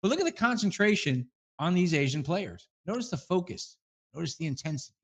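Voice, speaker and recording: A man with a high, sing-song voice talks a little fast as co-host of a comedy news parody. He rambles through mock-earnest fake reports, laughing between lines.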